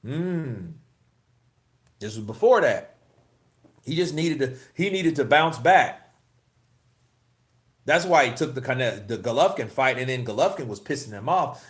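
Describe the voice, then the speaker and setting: A man's voice: mid-range voice, sing-song, slow, pauses often, fairly bright tone. A man hosting a casual live-stream about boxing news, swearing, laughing and reading the chat. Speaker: host.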